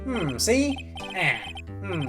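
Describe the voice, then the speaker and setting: A woman voicing a pompous older male lawyer who tacks "see?" onto his sentences, in a loud, high, swinging voice. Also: big pitch swings, drawn-out words. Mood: evasive. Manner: ends sentences with a gangster-like "see?". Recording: game music underneath.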